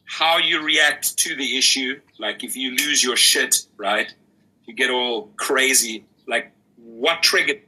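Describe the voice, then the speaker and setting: Mocking man with a husky, bright voice. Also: mid-range voice, takes it slowly, poor audio. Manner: mocking, sarcastic. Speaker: critic in a played video. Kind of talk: mocking commentary video.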